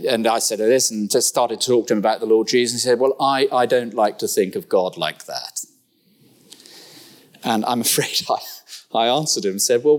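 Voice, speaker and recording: Lively preacher with wry humour. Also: male voice, on the low side. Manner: lively, conversational preaching with humorous asides and rhetorical questions. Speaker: pastor. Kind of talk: sermon.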